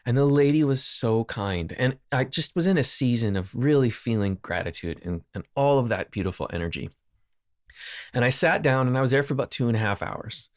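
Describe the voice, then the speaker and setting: Guy doing a solo podcast, earnest and slow, goes back over his words, dry close sound. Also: medium pitch, lively intonation, dry recording. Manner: earnest, unhurried, repeats phrases for emphasis. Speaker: podcast host. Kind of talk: reflective solo podcast talk. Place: lives in Nashville.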